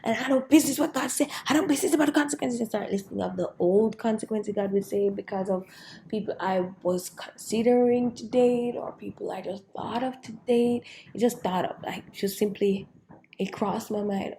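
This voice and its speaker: A woman's voice: medium pitch, normal speed, gravelly, warm tone, a little hiss or hum. A young woman vlogger telling a personal story in a rambling, frustrated way, sometimes dropping into a whisper.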